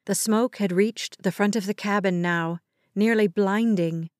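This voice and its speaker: A woman narrating a dramatic audiobook in a measured storytelling manner. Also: medium pitch, a little mellow, no room sound, studio quality. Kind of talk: scripted narration.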